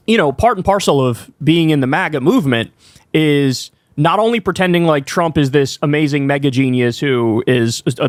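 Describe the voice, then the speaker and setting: A man with a high voice delivers heated political commentary, cursing freely and tossing in casual slang. The sound is dry and close, with no room around it. He rants at full steam. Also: dry recording. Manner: heated, profane ranting.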